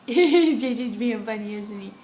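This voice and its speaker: A young woman at home, a mother coaxing her toddler to talk in slow, sing-song baby talk with soft laughs. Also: a little high, animated.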